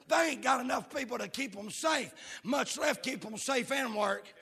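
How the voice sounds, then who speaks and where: A man's voice: very high-pitched, normal speed, vocal fry, pushed and bright, breathy edge, shouting. A man preaching a fiery revival sermon, hollering in a sing-song cadence.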